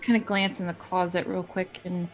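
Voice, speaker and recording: A woman game master narrating a horror tabletop game in an unhurried, descriptive way with fillers. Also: fairly low pitch, steady tone.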